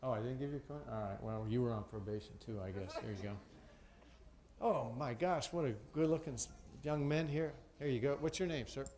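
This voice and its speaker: A man's voice: medium pitch, a little fast, a little mellow. A middle-aged man, a senior naval officer, joking casually with sailors as he hands out coins at a base event. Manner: jovial, joking. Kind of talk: casual banter while handing out coins. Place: large base venue with an audience. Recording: roomy echo from a large venue.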